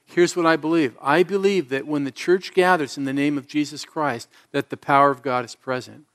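A middle-aged male pastor preaches to his congregation, his voice sitting a touch higher than most men's. He is an earnest storyteller with a streak of self-mocking humor. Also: fairly even intonation, fairly quick, a bit bright. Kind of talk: sermon. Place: church service before a congregation.

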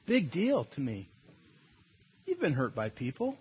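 A male pastor preaching in a relaxed, talky sermon style, with a slightly husky voice that swings widely in pitch. He tells stories and chuckles at his own points. The recording is dull and lo-fi. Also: fairly quick. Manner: conversational, storytelling, laughs at own points.

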